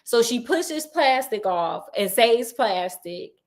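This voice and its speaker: A woman casually recapping a horror novel, animated and playful, acting out characters' lines in quick asides. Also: on the high side. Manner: playful and sassy. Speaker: book recap host. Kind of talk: casual book recap storytelling.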